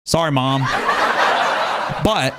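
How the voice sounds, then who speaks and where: A man's voice: mid-range voice, very slow, very noisy. A male streamer chatting live, ranting emphatically and repeating words for effect. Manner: animated, ranting, emphatic repetition.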